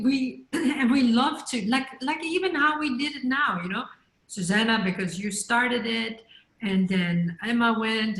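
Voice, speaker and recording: Woman coach, middle-aged, lots of ums and restarts, roomy echo on a video call. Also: on the high side. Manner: chatty, many fillers and restarts. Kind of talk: online panel discussion.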